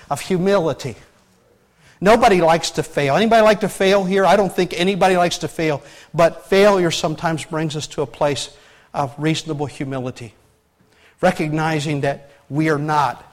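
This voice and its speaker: A high-pitched man preaching from the pulpit in a relaxed, folksy way. He tells the story loosely and keeps turning to the congregation with rhetorical questions. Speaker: pastor. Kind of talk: conversational sermon.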